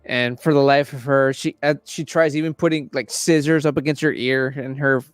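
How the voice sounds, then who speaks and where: A young man in casual chat, rambling and swearing a lot while retelling a story with animated energy. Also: medium pitch, moderate pace, smooth, dry recording, soft background music. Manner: acts out quoted characters in raised voices. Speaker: podcast host.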